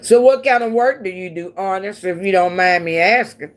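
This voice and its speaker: A livestream host from Missouri and Oklahoma speaks in a medium-pitched voice at a moderate pace. The woman, from the central United States, chats casually and ramblingly with her viewers, laughing often.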